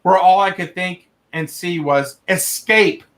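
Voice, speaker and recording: A young man with a high, fairly bright voice hosts a livestream, slowly reading viewer stories aloud in a casual way. He laughs through the reading and breaks off to react with swearing.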